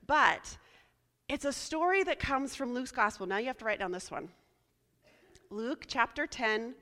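Woman pastor, chatty sermon, slightly high voice, bright tone, echoing hall. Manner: warm, chatty, spells words out slowly. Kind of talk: casual sermon.

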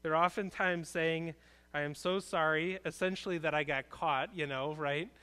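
A man's voice: a little high, fairly even intonation, moderate pace, sharp tone, smooth. A man preaching a conversational, earnest sermon as a pastor in a church, often restarting his phrases.

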